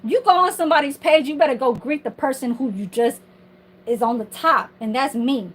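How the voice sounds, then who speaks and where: A woman's voice: high-pitched, fairly quick, slight background noise, low-quality recording. A woman ranting on her livestream from home in a casual, heated, profane and rambling way.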